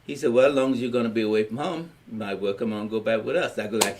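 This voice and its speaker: A man's voice: on the low side, very fast, a little mellow, a little hiss or hum. An older man from Louisiana with a Louisiana accent, telling his life story in a family history recording, plain-spoken and rambling as he acts out old conversations.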